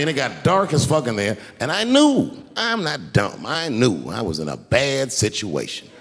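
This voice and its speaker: Animated male stand-up comic in a hall. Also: fairly high pitch. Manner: animated, profane, acts out characters in the story. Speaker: stand-up comedian. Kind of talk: stand-up storytelling. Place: large theater stage before a live audience.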